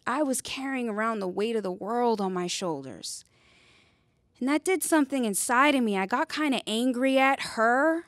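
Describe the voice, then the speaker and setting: A young woman shares her personal story earnestly and conversationally, using fillers and the occasional rhetorical "right?" She goes quiet and low over painful memories, then brightens when acting out scenes. The recording is studio quality at a normal pace with no echo.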